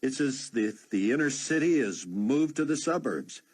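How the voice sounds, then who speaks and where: A man's voice: medium pitch, animated, moderate pace, husky, pitched above the performer's own voice. A man voicing an earnest, dismayed pastor in a raised voice. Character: concerned male pastor, earnest.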